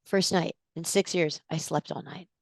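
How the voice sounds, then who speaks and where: A woman in her forties, a guest in an interview, telling a personal story in an animated way and acting out what people said. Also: fairly low pitch, normal speed, no room sound. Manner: animated storyteller, acts out quotes with gasps.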